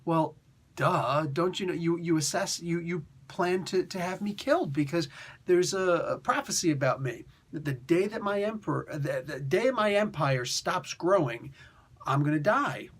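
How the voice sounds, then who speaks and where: Guy putting on a smug bossy emperor voice, a bit raised and husky. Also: fairly high pitch, animated, normal speed, pitched above the performer's own voice. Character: pompous conquering male emperor.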